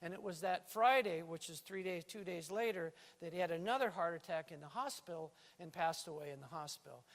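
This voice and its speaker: A male pastor preaching a sermon in a church, lively and playful, with a stage microphone. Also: fairly high pitch, a little fast, few pauses. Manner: lively preaching with playful put-on island lilt. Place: church sanctuary. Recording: reverberant church hall.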